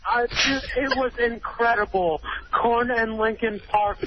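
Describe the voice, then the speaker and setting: A young man calling in to a radio show, with an odd, unusually high voice and a hesitant way of speaking full of uh's. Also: a little slow, background noise. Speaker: caller. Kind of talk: radio call-in. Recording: dull lo-fi radio broadcast.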